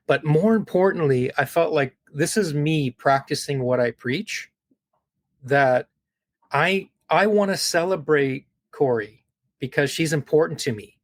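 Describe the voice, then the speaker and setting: A man with a voice of middling pitch speaks as an interview guest, earnest and heartfelt. He often repeats his words and checks in with the listener. The sound is dry and close, with no room echo. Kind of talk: earnest conversational storytelling.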